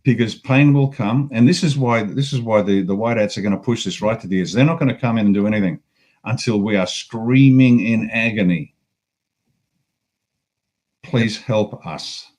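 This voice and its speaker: A man's voice: fairly low pitch, quick pace, a little mellow. A man with an Australian accent, a guest on a talk show, delivering an angry, profane political rant with heavy emphasis.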